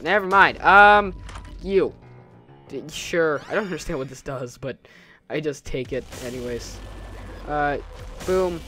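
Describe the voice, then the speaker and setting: A man's voice: mid-range voice, sharp tone. A young man hosting a casual let's-play, rambling, correcting himself, humming and joking to himself as he plays. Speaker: gaming channel host.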